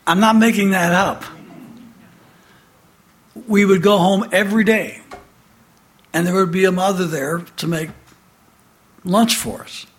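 An older man in his seventies, from the American Midwest, recalls his childhood for a listening audience. His voice sits a little high for a man, and his delivery moves between emphatic stresses and quiet, hushed passages. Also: a little slow, pauses often. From Midwestern United States. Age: 70s. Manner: animated storyteller, alternately emphatic and hushed. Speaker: speaker giving an address. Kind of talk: personal recollection in a prepared address.

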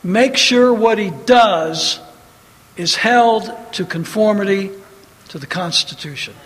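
A high-voiced man preaches with fiery emphasis, hammering repeated phrases and quoting scripture. His voice rings with a long reverb, as if in a big hall. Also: takes it slowly, a bit bright. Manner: preaching with rising emphatic bursts and scripture quotes. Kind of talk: sermon.

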